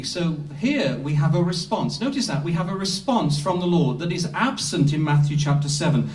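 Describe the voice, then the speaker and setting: Male preacher, emphatic sermon delivery with long pauses, slightly raised pitch, roomy distant sound. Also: lively intonation, darkish tone. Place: Bible school hall. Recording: echoey room, speaker off-mic.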